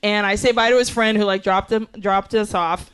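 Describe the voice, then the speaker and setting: A woman telling a comedic personal story as a guest at a live show, animated and profane, laughing as she goes. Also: mid-range voice, normal speed, clear, resonant tone.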